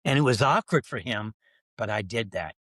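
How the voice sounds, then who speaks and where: A middle-aged man, a pastor, telling a personal story on a podcast and acting out his own prayers, his voice climbing as he gets excited. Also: moderate pace, dry recording. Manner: animated storyteller who acts out his own prayers, pitch rising when excited.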